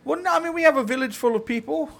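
A man voicing a boastful, odd Canadian villager in a goofy, overdone put-on accent, much higher than his own voice. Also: very fast, creaky, a little mellow.

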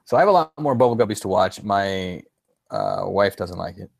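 Male podcast co-host, lowish but animated voice, rambling chatty delivery, dry close mic. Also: normal speed, gravelly, dry recording. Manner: rambling, restarts sentences, chuckles often. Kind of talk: casual podcast chat.

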